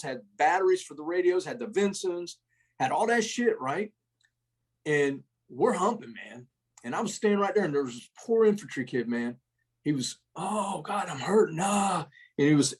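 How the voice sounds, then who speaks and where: A man's voice: on the high side, breathy edge. A middle-aged man, a retired first sergeant, telling rambling, profane army stories as a podcast guest. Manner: rambling, profane, folksy storyteller. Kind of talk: casual storytelling interview.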